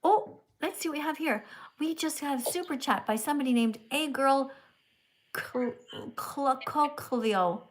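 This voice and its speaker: Preachy woman livestreamer, slightly high voice. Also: a little slow. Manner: scolding, preachy, tags lines with "okay?". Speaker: livestream host. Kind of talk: casual livestream chat and lecturing.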